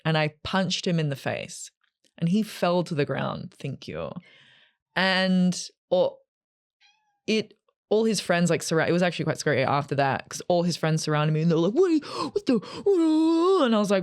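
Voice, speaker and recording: Rambling sarcastic woman. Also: fairly low pitch. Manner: rambling, sarcastic, self-deprecating. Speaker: vlogger. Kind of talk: casual storytelling. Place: walking into a fast food restaurant.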